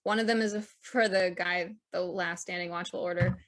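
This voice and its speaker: Bright-voiced woman player, blunt. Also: lowish voice, fairly even intonation, a little fast. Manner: blunt, laughing. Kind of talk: casual tabletop play.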